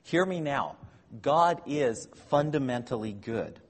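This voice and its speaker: A man teaching a careful, measured lesson on scripture, explaining line by line and sometimes correcting himself. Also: mid-range voice, very animated, breathy edge, big-room sound. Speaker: Bible teacher. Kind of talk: lecture on scripture.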